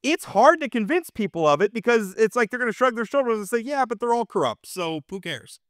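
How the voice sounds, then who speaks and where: A man's voice: very high-pitched, sing-song, brisk, fairly bright tone, no room sound, studio quality. A man hosting a casual political discussion, earnest and emphatic, repeating phrases for stress. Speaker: host.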